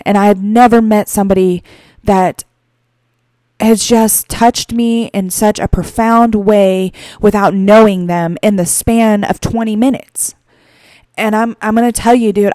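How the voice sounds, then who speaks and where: A woman podcast host telling a moving personal story, tearful and halting, with frequent restarts. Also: mid-range voice, dark tone, dry recording, clean studio sound.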